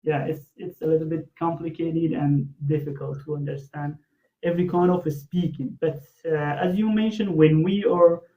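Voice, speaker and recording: A man's voice: a little high, steady tone, moderate pace. Hesitant man on a tinny line. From Afghanistan. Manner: hesitant, many fillers. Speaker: interview host. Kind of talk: interview questions.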